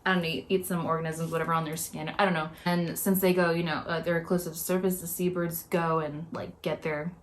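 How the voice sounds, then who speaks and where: A woman's voice: fairly low pitch, little pitch movement, a little fast, few pauses, slight background noise. A young woman vlogging her reaction, talking in an upset, rambling way with many filler words. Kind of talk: emotional reaction commentary.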